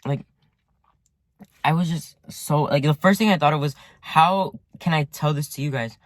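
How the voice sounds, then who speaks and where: A man's voice: on the high side, normal speed, dry recording. A teenage boy telling a casual storytime to his viewers from his parked car, rambling, full of "like" and swearing. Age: teen. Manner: rambling, heavy use of "like", swears often. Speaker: vlogger. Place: sitting in his car at home.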